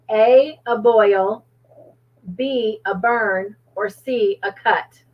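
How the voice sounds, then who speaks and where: A woman's voice: mid-range voice, drawn-out words, dull audio. A woman hosting a livestream trivia game, cheerfully reading out viewers' comments and laughing often.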